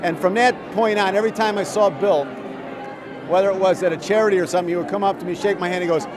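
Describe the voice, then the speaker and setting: A man with a fairly high voice tells a story in an interview, acting out the people he quotes. A loud crowd chatters around him at a busy venue. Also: fast talker. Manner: animated storyteller, acts out quotes. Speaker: interviewee, musician. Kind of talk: casual interview anecdote. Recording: crowd noise behind.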